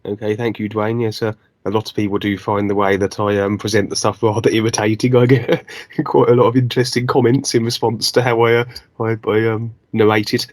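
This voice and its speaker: Flat, low-voiced man, dry sound. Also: a little fast, no room sound. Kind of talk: casual chat.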